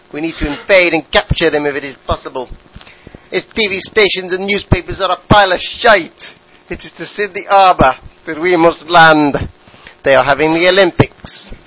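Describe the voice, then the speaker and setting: A man's voice: fairly high pitch, moderate pace, sharp tone, a little hiss or hum, poor audio. A man voicing a pompous, bumbling dictator who addresses his troops with grand speeches. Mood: scheming. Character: pompous bumbling male dictator, middle-aged.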